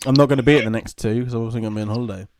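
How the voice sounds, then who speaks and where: A young man joining a podcast chat, chipping in with quick remarks. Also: medium pitch, steady tone, a little mellow. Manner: chatty, quick interjections. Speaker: podcast co-host. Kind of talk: casual chat.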